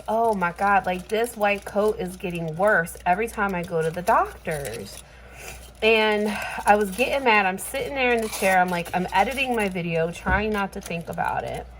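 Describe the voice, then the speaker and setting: A woman's voice: medium pitch, rough recording. Woman, casual vlog, frustrated, swearing, faint background noise. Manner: frustrated, venting, swears freely. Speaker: vlogger. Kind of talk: casual chat. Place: home kitchen.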